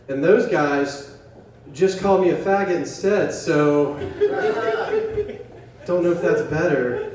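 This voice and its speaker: A man's voice: high voice, a little mellow, slight background noise. Rambling, self-deprecating young comic man. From West Virginia, US. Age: young adult. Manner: self-deprecating, rambling, profane, riffs with the crowd. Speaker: stand-up comedian. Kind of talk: open-mic stand-up set. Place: coffee shop open mic. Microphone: camera set up in the room. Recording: echoey room, mic far from the stage. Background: audience laughing.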